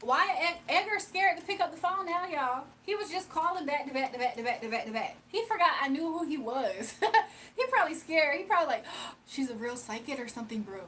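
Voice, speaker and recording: A woman's voice: high-pitched, lively intonation, brisk, pushed and bright, slight background noise, poor audio. A young woman hosting a casual livestream, chatting playfully with viewers, reading comments aloud and laughing often. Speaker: livestream host.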